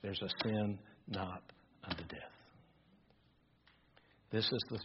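An older man preaching a sermon, reading scripture aloud and moving between hushed musing and rising, emphatic exhortation. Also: fairly low pitch, steady tone, slow, dull audio, background noise. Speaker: pastor.

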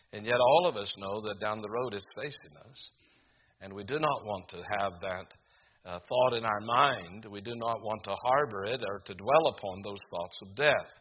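An older man preaching a sermon to a congregation, earnest and halting, with frequent fillers and restarts. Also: mid-range voice, dull audio, a little hiss or hum. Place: room with a congregation.

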